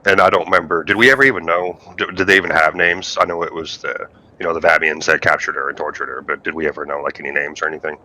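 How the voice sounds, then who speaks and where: Deep, sharp-toned hesitant male player. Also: fairly even intonation, slight background noise. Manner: hesitant, many pauses. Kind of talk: tabletop game play, partly in character.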